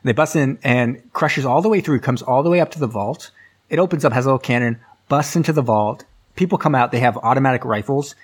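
Man, podcast host, casual movie recap, rambling, mid pitch. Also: fast, husky. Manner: rambling, filler-heavy storytelling.

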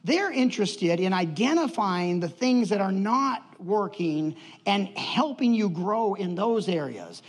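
A man with a high voice tells a story from the pulpit, animated and quick to act out what others said. His words ring with a long reverb in a large hall. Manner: animated storytelling, acts out quotes. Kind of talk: sermon with personal story.

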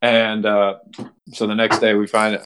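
A man's voice: a little slow, a little hiss or hum. A young man on a podcast telling a rowdy story casually, acting out the quotes with big jumps in his voice. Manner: animated, acts out quotes with big pitch jumps. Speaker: podcast host.

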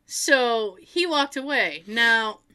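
Bright-voiced woman telling stories casually. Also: on the high side, takes it slowly, clean tone. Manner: animated, swears freely, acts out family members' lines. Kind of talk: casual storytelling chat.

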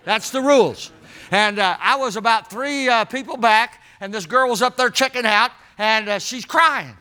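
A man's voice: very high-pitched, moderate pace, sharp tone. A man preaching a sermon in a folksy, emphatic way, calling out to the congregation as he tells stories.

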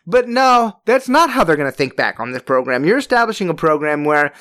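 A podcast host talks through a sports rant with plenty of emphasis. The voice sits at an ordinary middle pitch but leaps up and gets louder whenever a point needs stressing. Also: big pitch swings, brisk, hardly any pauses. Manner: emphatic, ranting, with big jumps in pitch and loudness on stressed words. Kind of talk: opinionated sports podcast monologue.

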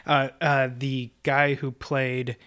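A man on a casual movie podcast, halting and correcting himself as he talks. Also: medium pitch, flat delivery, a bit bright, clear, resonant tone. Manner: halting, slow, with self-corrections.

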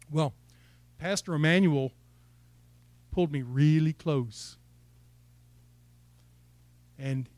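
A man's voice: a little high, no echo. A man preaching a sermon in church, building to fired-up exhortation and asking the congregation questions. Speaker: pastor.

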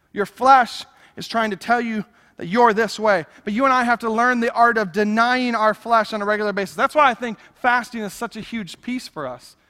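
A pastor preaches in a high, bright, forceful voice, chatty and animated as he acts out asides. His words ring out with the long reverb of a large church sanctuary. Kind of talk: sermon.

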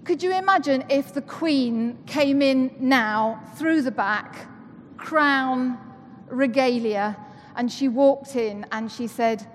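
Slowly and in a high voice, a woman from the church gives a conversational sermon to the congregation, chatty and playful with rhetorical questions. There's slight background noise alongside the church hall's long reverb.

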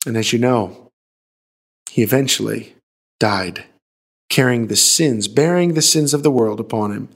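A man, a pastor, retelling a Bible story as a sermon in a dramatic way, shifting between hushed and emphatic lines. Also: medium pitch, measured pace, pauses often.

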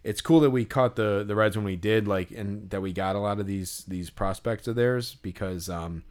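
Speaking at a moderate pace with a fairly low pitch, this podcast co-host mixes casual chat with rambling storytelling. Fillers and restarts are everywhere, and he turns animated once a story gets going.

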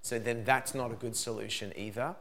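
A middle-aged man giving a lively parenting seminar talk, acting out dialogue as he goes. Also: medium pitch, a little fast. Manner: animated, acts out dialogue in put-on voices.

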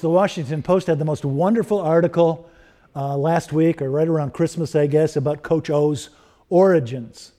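A middle-aged man preaching a sermon, building through repeated rhetorical questions and softening into personal stories. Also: on the high side. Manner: rhetorical questions, rising emphasis. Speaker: pastor.

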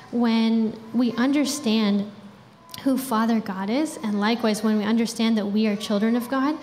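A woman's voice: mid-range voice, darkish tone. A young woman preaching a sermon in a casual, chatty way, with frequent fillers. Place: church hall. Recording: reverberant hall with faint background noise.

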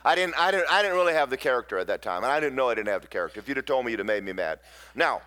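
A man's voice: mid-range voice, expressive, racing, bright, forceful tone. A middle-aged man, a pastor preaching a sermon in folksy storytelling with emphatic bursts.

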